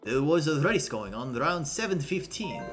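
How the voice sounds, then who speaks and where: A man's voice: fairly high pitch, faint music behind, pitched above the performer's own voice. A man putting on a Russian-accented woman racer. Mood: earnest. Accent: put-on Russian. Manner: broken English, slow and steady. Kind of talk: reading game dialogue aloud.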